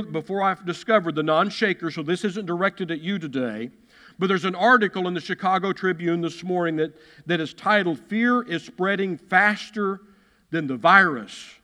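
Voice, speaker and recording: Pastor guy preaching, punchy and repeats stuff, slightly high voice, big churchy reverb. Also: bright, forceful tone. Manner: emphatic, repeats key phrases, acts out quotes. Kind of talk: sermon. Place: church sanctuary. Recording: long hall reverb.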